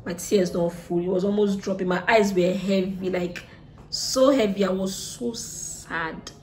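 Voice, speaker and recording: A young woman with a Nigerian accent telling a storytime vlog, chatty, repeating herself and drifting soft and subdued. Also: medium pitch, fairly even intonation, moderate pace, a little hiss or hum. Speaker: vlogger.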